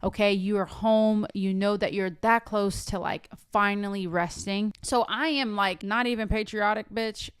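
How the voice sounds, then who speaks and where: A woman's voice: medium pitch, fairly even intonation, normal speed, hardly any pauses, clean tone, no room sound, studio quality. A woman co-hosting a podcast, telling stories bluntly and sassily and cursing freely in casual chat. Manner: blunt, sassy storyteller who curses freely. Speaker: podcast co-host.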